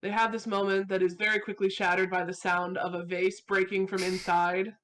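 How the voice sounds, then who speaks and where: A woman playing a tabletop game, calmly reading out a written epilogue for her character. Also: mid-range voice, brisk. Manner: calm, descriptive storytelling. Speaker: player.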